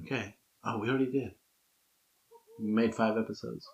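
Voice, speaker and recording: A man's voice: fairly low pitch, fairly even intonation, moderate pace, vocal fry, darkish tone, muffled recording. A man co-hosting a podcast in casual chat, joking and wisecracking, laughing a lot. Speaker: podcast co-host.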